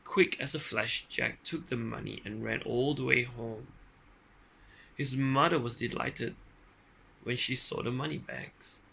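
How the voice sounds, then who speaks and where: A man's voice: medium pitch, a little slow, vocal fry, pushed and bright, slight background noise, poor audio. A middle-aged man reading a children's story aloud at home, plainly and playfully, with small slips. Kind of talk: casual bedtime story reading.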